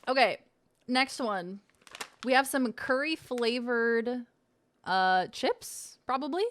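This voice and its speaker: A woman's voice: on the high side, expressive, slow pace, a bit bright. A woman streams live in an easygoing, chatty voice. She swears freely and plays around while sounding out words from packaging. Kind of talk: casual live-stream chat.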